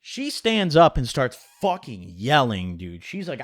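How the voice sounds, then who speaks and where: Animated swearing guy telling a story. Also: mid-range voice, a little slow, no room sound, studio quality. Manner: animated, heavy swearing and filler "like". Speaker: storytelling vlogger. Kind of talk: casual storytelling vlog.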